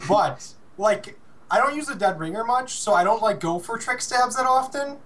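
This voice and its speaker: A man's voice: sits high, expressive, normal speed, fairly bright tone, poor audio. A young man chatting casually as a podcast guest, hesitant and full of fillers. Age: young adult. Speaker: guest gamer.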